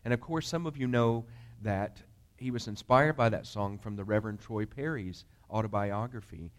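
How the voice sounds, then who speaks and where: Male pastor, fairly low voice, chatty storytelling sermon, fillers, questions to the pews. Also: normal speed. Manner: conversational, many fillers, questions the congregation.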